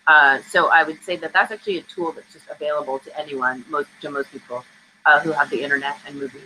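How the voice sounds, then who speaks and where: Bright, candid woman on a video call. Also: low voice, fairly even intonation, fast talker, a little hiss or hum, poor audio. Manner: candid, chatty storyteller. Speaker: screenwriter guest. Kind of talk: casual interview answers.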